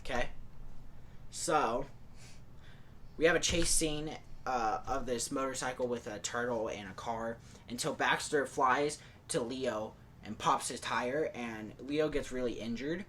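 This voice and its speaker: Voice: mid-range voice, a little slow, a bit bright, slight background noise. A podcast host casually retelling a movie plot in a rambling way, full of fillers like "like" and "and stuff".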